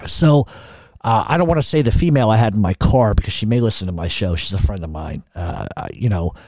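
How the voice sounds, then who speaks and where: Middle-aged male podcast host, loose profane storyteller, mellow tone. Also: fairly low pitch, lively intonation, fairly quick, no echo. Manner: profane, rambling, with many restarts. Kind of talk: casual storytelling.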